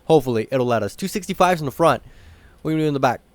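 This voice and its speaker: A young man hosting a car game video, talking casually and getting excited and loud at times. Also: mid-range voice, racing, no echo. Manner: excitable, slangy, bursts of shouting at rivals. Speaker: gaming channel host. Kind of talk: casual gameplay commentary.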